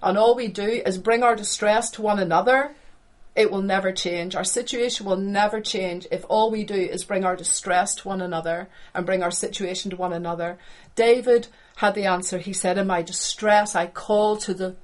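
A woman's voice: mid-range voice, steady tone, normal speed. Impassioned woman preaching a sermon. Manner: impassioned, repeats phrases for emphasis, swings between hushed and loud.

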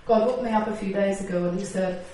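An Irish woman, from Northern Ireland or Ireland and living in Britain, preaches a sermon at a quick pace in a mid-range voice. She's animated, using rhetorical questions and acted-out quotes, recorded in an echoey hall with a distant mic and faint noise.

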